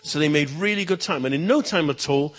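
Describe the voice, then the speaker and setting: A male pastor telling a story to children in church, lively, with chatty asides. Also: a little high, brisk.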